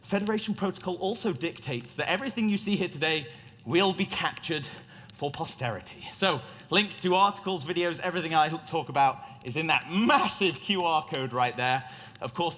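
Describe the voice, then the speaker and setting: In a big echoing hall, a man presents a tech talk as a playful, theatrical conference speaker full of jokes. His voice leans high and slightly bright.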